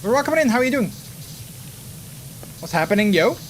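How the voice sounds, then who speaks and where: A man's voice: very high-pitched, very animated, fairly quick, a little hiss or hum. A man with the hiccups chatting casually on a live stream, rambling through his stories with many restarts. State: has the hiccups.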